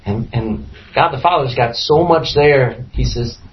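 A man's voice: mid-range voice, measured pace. A man teaching a Bible study, reading scripture aloud and acting out the characters with laughs. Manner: animated, acts out scripture voices with laughs. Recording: dull lo-fi room recording.

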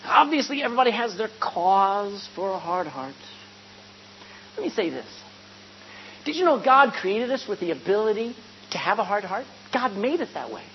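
A woman preaching a sermon, retelling a scripture story with animated storytelling, asking the congregation questions and calling for amens. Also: medium pitch, normal speed. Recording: dull lo-fi recording with faint hum.

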